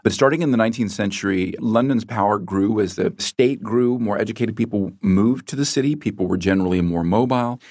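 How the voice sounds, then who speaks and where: Low-voiced American man explaining calmly. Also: no room sound, studio quality. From United States. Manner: measured, explanatory, with small self-corrections. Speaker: guest expert on accents. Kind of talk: interview answers.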